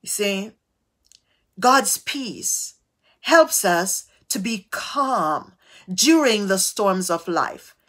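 A woman preaching a devotional sermon, tossing out call-and-response asides with sudden swings of pitch and loudness. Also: lively intonation. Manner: slow, drawn-out delivery.

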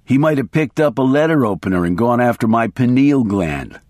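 Guy narrating an audiobook, steady reading, middle pitch, dry close mic. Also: moderate pace, no room sound. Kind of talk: first-person audiobook narration.

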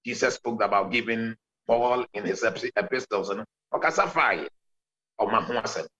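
A man's voice: on the low side, moderate pace, bright, forceful tone, lo-fi sound. A Ghanaian pastor answering interview questions over a video call, laying out his points one by one in a preaching manner. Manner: preaching explanation, counts points, mixes Twi and English.

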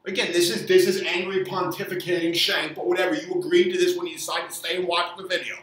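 A man's voice: high voice, fairly even intonation, fast, fairly bright tone, distant mic. A man who works as a fitness trainer, giving an angry, profane opinion rant with many stumbles and repeated words. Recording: echoey room, voice off mic.

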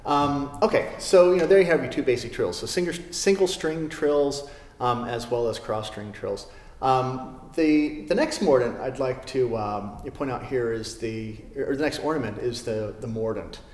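A man giving a relaxed classical guitar lesson, with many fillers as he talks. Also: medium pitch, moderate pace. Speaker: guitar teacher. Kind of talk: video lesson. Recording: roomy studio with long reverb. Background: classical guitar playing.

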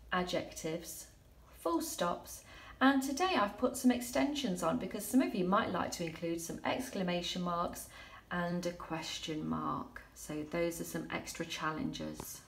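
A woman teaching a recorded lesson to young children, speaking slowly and clearly, reading her examples aloud with drama. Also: fairly low pitch. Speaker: primary school teacher. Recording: echoey room.

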